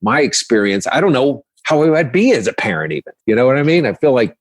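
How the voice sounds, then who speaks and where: A man's voice: mid-range voice, very animated, quick pace, no echo. A man who is a comedian guest on a podcast, talking in a reflective, rambling way, full of "you know"s. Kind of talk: casual chat.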